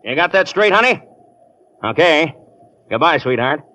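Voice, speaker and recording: Bossy crooked small-town police chief, sharp bright voice, pushy, old radio play. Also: male voice, on the high side, big pitch swings, normal speed. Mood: scheming. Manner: bossy, barking orders. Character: gruff crooked middle-aged male police chief. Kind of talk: 1930s radio acting.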